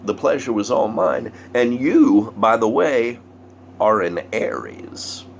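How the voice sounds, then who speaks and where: A man putting on the voice of a cryptic older man who speaks slowly and knowingly. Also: mid-range voice, expressive, gravelly, a little hiss or hum. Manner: slow, deliberate, drawn-out delivery.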